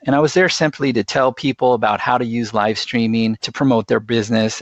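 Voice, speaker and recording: A man being interviewed as a live streaming expert tells earnest, enthusiastic anecdotes in a conversational way. His mid-range voice has vocal fry, and the recording sounds dull, dry, and lo-fi.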